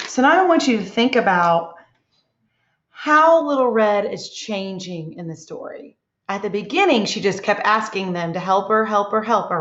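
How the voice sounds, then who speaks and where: A woman teacher leading a slow, encouraging reading lesson for young children, asking many tag questions. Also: medium pitch. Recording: echoey room, dull lo-fi sound.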